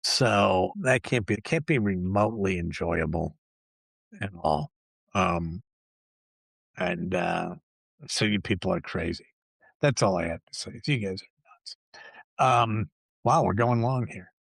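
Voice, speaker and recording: A man's voice: deep voice, measured pace, vocal fry, pauses often, a bit bright, no echo. A man hosting a talk show alone, ranting in a blunt, profane and sarcastic way. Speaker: podcast host.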